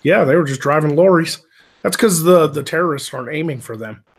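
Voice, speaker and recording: A man's voice: on the high side, a little fast. Rambling profane man on a podcast. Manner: rambling, profane, many restarts. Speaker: podcast co-host, military veteran. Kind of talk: casual chat.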